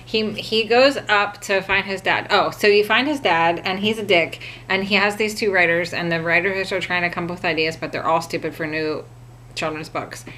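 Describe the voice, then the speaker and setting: A woman's voice: on the low side, moderate pace, a bit bright, slight background noise. A woman casually retelling a film from memory, rambling with frequent fillers and laughs. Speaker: vlogger.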